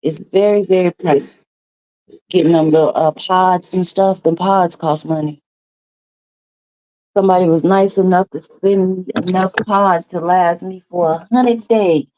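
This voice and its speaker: A woman's voice: on the low side, steady tone, measured pace, warm tone, dry recording. A woman hosting a live stream, rambling casually with folksy asides. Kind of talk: casual morning chat. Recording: dry, slightly dull stream audio.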